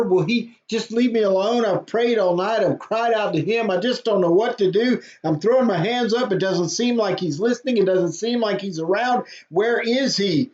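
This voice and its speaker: A man's voice: high voice, a little mellow. A man, a pastor reading a psalm aloud and then explaining it plainly in a short devotional talk. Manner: reads scripture slowly, then explains plainly. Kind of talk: devotional Bible reading and commentary. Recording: dull lo-fi audio.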